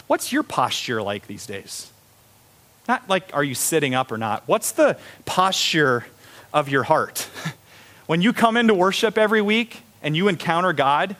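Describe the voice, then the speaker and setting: A middle-aged male pastor preaching a sermon, animated, acting out little voices of the people in his stories. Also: sits high. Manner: animated, acts out voices of kids and students.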